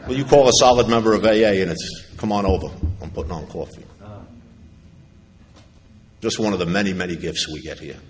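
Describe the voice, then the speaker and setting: In a large convention hall, a middle-aged man from New York gives a personal recovery talk to an audience, his low-pitched voice brisk but pausing often. He tells his story with wry humor, voicing what others said, and the echoey recording carries faint ambience plus slight background noise.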